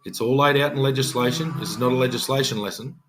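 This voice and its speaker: A man's voice: medium pitch, fast talker, fairly bright tone, slight background noise. A middle-aged Australian police detective sergeant telling an emphatic, earnest story on a podcast, often acting out his own words.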